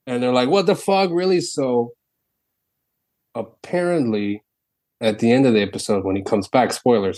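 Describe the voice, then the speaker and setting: A man, a guest artist who retells stories in an animated, profane way and acts out the quotes. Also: lowish voice, poor audio. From New York City. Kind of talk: animated storytelling chat.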